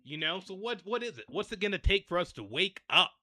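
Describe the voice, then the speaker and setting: A man's voice: high voice, very animated, fairly quick, pushed and bright. A young man hosting a livestream, ranting and rambling in a repetitive, fed-up way while addressing his viewers directly. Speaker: livestream host.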